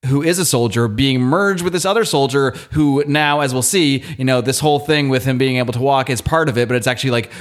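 A man's voice: medium pitch, a little fast, hardly any pauses. A man with a mid-range voice co-hosts a casual podcast. He gives his views thoughtfully and hesitantly, restarting his sentences often. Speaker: podcast co-host.

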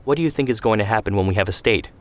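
A bookish older brother in a spoken story, as a man reads his lines. His voice is low and measured, and he reasons things through. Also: close to an everyday voice. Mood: earnest.

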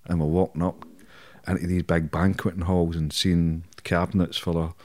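Deep scottish guy, middle-aged, swears a lot, dry close sound, just spinning yarns in an interview. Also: flat delivery, normal speed, a little mellow, dry recording. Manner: blunt, heavy swearing, chuckles through anecdotes. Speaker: interview guest. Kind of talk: casual storytelling.

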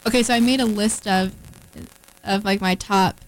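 A woman's voice: medium pitch, steady tone, normal speed, slight background noise, rough recording. Young woman musician on the radio, rambly, says like a lot, mid voice, apologizes for herself. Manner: rambling, lots of "like", self-deprecating. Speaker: musician guest. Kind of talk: casual on-air chat. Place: radio studio.

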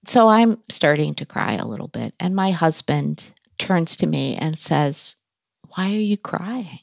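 Low gravelly woman talking slow, candid and a bit wry, dry close sound. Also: big pitch swings, no room sound. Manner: candid, conversational, self-deprecating humor. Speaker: interview guest. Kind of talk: personal storytelling in an interview.

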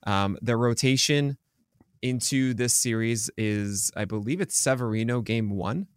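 A man's voice: medium pitch, a little slow, clean tone, dry recording. A man co-hosting a casual sports podcast, chatty and rambling with many fillers and restarts. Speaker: podcast co-host.

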